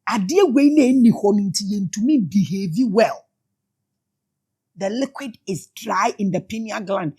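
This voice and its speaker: A Ghanaian woman giving emotional spiritual commentary, shouting exclamations and switching between English and Twi. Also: mid-range voice, animated, a little slow, breathy edge. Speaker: spiritual teacher.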